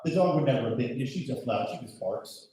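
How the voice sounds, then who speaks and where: A man in his thirties doing loud, brash stand-up comedy, working the crowd and swearing freely. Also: medium pitch, animated, fast, recorded from a distance. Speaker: stand-up comedian hosting the show. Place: comedy show in a golf club venue. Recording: echoey room, mic heard from afar.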